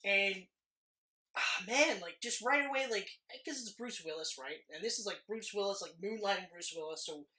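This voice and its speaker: A man's voice: sits high, lively intonation, moderate pace, sharp tone. A man in his thirties, co-hosting a casual movie podcast, who rambles, swears freely and fills his talk with "like.". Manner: rambling, profane, lots of "like". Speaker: podcast co-host.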